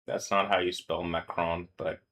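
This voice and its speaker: A man's voice: low-pitched, little pitch movement, moderate pace, fairly bright tone, rough recording. A man rambling through a live stream monologue, swearing freely and laughing to himself.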